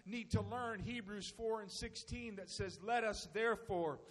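A man's voice: sits high, normal speed, a bit bright, long reverb tail. A male pastor preaching a sermon, rising into emphatic bursts and acting out little dialogues.

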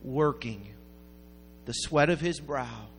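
A man preaching a sermon, telling a story in a rambling way that builds to loud, emphatic peaks. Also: mid-range voice, takes it slowly, a little hiss or hum. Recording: long hall reverb with faint music.

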